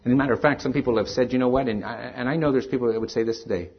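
A male pastor preaching a sermon in a husky, slightly breathy voice, earnest and shifting between emphatic stresses and hushed lines. His pitch sits in a middle range for a man. The recording is dull and lo-fi. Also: fairly even intonation, very fast. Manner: earnest, rising to emphatic stresses then dropping soft.

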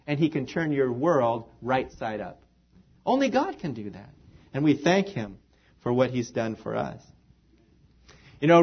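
A man preaching an earnest sermon in a church, repeating phrases for emphasis. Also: high-pitched. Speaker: pastor. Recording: dull lo-fi recording.

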